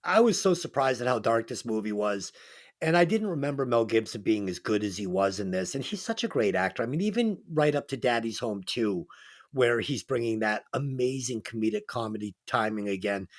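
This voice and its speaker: A man's voice: mid-range voice, expressive, fairly quick. A man co-hosting a movie review podcast, chatting casually and enthusiastically, swearing now and then. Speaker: podcast co-host.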